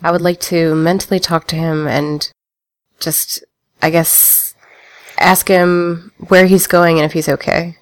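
A woman at a tabletop game, speaking casually and a little tentatively as she talks through what her character does. Her voice is on the low side for a woman. The sound is dry. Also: level tone, a little slow, no room sound. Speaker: player.

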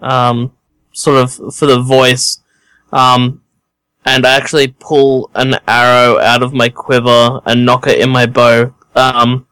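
A man's voice: medium pitch, a bit bright, clean tone, no room sound, poor audio. A man playing in a tabletop game, explaining his character's actions step by step in a casual way. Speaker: player. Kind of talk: casual tabletop role-play.

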